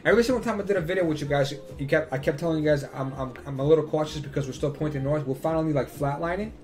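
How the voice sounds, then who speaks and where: A man's voice: fairly high pitch, rapid-fire, a little mellow. Swearing, emphatic man over faint music. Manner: emphatic, repeats warnings, swears freely. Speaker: crypto chart analyst hosting his channel. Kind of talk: casual screen-share chart commentary.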